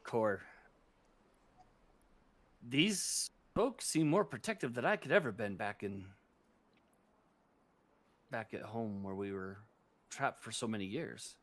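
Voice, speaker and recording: An earnest older uncle speaks with gentle sincerity, as a man plays him. His pitch moves lively through each phrase. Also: slow, pauses often. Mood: sincere.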